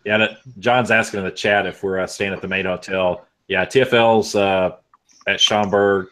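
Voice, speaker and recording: A man's voice: low voice, steady tone, normal speed, a bit bright. A man co-hosting a casual chat, reading chat questions with dry, wry humor. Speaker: co-host.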